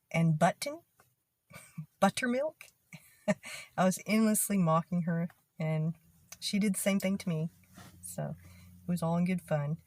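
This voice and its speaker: Texas gal w a drawl, kinda low voice, laughs a lot, talks real casual. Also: female voice, darkish tone, no room sound. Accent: Texan. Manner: chatty, laughs often, drawls words out. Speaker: vlogger. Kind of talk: casual explainer video.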